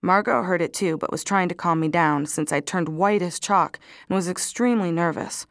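A woman narrating diary entries in the first person, reading in an even, measured way. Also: fairly low pitch, dry recording, clean studio sound. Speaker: audiobook narrator.

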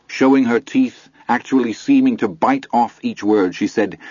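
A man narrating an audiobook in a measured, formal storytelling manner. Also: deep voice, a little mellow, breathy edge, dry recording, lo-fi sound.

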